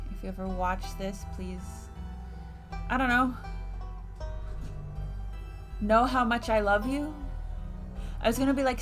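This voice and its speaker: Woman streamer: slow, rambling, enthusiastic let's-play chat recorded at home. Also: medium pitch. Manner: chatty, rambling, enthusiastic with many fillers. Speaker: streamer playing a narrative game.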